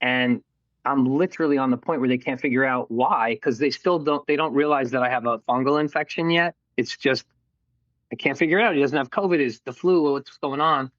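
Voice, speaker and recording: A man's voice: mid-range voice, a little fast, no echo, lo-fi sound. Candid middle-aged man telling his story. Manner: candid, animated storyteller who acts out quoted voices and swears casually. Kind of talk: casual storytelling interview.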